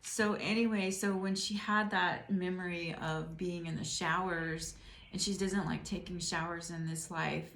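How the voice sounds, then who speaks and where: A woman's voice: fairly low pitch, fairly even intonation, measured pace, fairly bright tone. A middle-aged woman giving a casual tarot reading, musing and rambling as she speaks to the viewer. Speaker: tarot reader. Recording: roomy echo.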